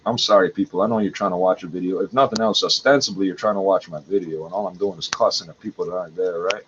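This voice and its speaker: A man's voice: low voice, fast talker. A man at home hosting a livestream, rambling in an agitated, profane way. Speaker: livestream host. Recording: dull lo-fi audio with faint noise.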